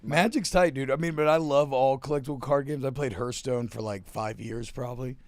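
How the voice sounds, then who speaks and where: A young man from Louisiana, talking loosely and quickly in a relaxed chat. His voice sits at a middle pitch, and he is recorded close and dry with no room echo. He trips over his own restarts as he goes. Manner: rambling, quick asides with lots of fillers and restarts. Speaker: guest. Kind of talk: casual chat.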